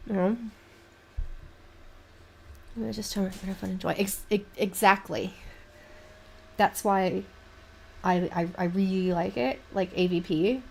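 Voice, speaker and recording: A young woman with a Southern US accent, chatting casually on a livestream in a halting, rambling way with many restarts. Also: medium pitch, steady tone, gravelly, a little mellow. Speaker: livestream host. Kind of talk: casual chat while painting on stream.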